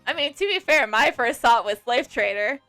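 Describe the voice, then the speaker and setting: A playful woman streams a game live, reading its lines aloud with gusto. Her voice is high and bright and bounces around a lot. Quiet game music plays underneath. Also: expressive, normal speed. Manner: playful, giggly, reads dialogue with gusto.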